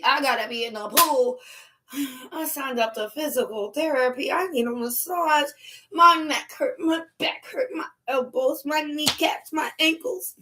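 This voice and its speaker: A middle-aged woman, chatting casually on a livestream, loud and animated, laughing and shouting at times. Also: high voice, background noise. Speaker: livestream host.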